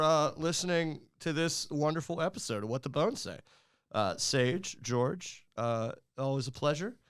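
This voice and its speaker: A man hosting a podcast, wrapping up the episode with jokey, deadpan punchlines. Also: medium pitch, clear, resonant tone. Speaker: podcast host. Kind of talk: casual podcast sign-off.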